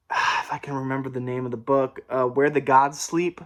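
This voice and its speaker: A young man in casual talk about his book haul, at an ordinary middle pitch. He rambles, corrects himself often and stumbles over words with a slight stutter. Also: little pitch movement, moderate pace. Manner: rambling, with fillers and self-corrections; mild stutter. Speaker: book vlogger. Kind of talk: casual video chat about books.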